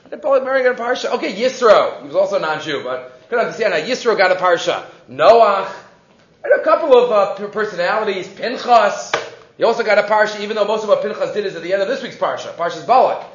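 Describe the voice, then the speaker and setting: Animated high-voiced man teaching Torah. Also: quick pace, echoey room, muffled recording, a little hiss or hum. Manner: animated storytelling, mixing Hebrew and English, frequent restarts. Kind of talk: weekly Torah class.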